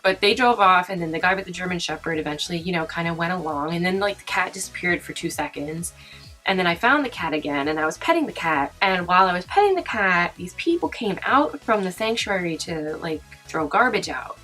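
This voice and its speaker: Young woman, vlogger, chatty storytime, slightly low voice, soft music behind. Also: animated, poor audio. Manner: chatty, fast, heavy use of "like", acts out quoted voices. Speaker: beauty vlogger. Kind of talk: casual storytime while doing makeup.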